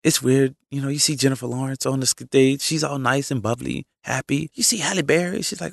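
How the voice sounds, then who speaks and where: A man's voice: medium pitch, animated, normal speed, vocal fry, no room sound, studio quality. A man hosting his podcast, talking casually through a rambling opinion monologue with many restarts and asides. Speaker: podcast host.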